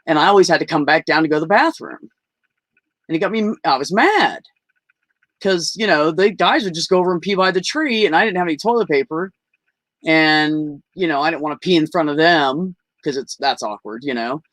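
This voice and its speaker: A man's voice: fairly high pitch, lively intonation, fairly quick, a bit bright, no echo. A man telling candid personal stories as a podcast guest over a video call, rambling and frank, with lots of "you know" and "like".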